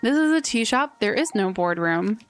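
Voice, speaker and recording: A dry, blunt young shopkeeper from a video game, as a woman reads her lines. She sounds worn down and matter-of-fact. The voice sits fairly high. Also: animated, normal speed, clear, resonant tone, soft background music, close to an everyday voice. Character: weary, blunt young woman running a tea shop.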